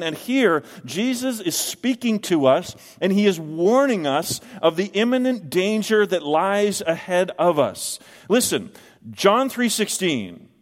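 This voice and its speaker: Middle-aged pastor guy preaching, slightly high voice, slow heavy emphasis, long church echo. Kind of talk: sermon. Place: church sanctuary. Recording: long hall reverb.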